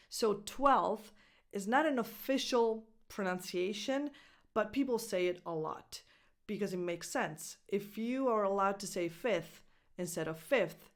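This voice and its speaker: Slow, deliberate woman teaching pronunciation. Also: mid-range voice. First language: Italian. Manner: slow, deliberate, models each word clearly. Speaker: English pronunciation coach. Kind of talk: pronunciation lesson.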